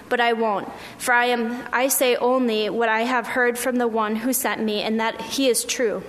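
A woman reading scripture aloud in a steady, measured way during a church service. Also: fairly high pitch. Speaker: scripture reader. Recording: reverberant hall, faint background noise.

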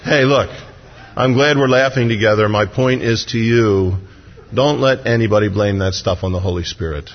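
A man's voice: lowish voice, normal speed. A man preaching a sermon as a pastor, conversational and humorous, acting out little voices as he speaks. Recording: dull, lo-fi hall recording with long reverb.

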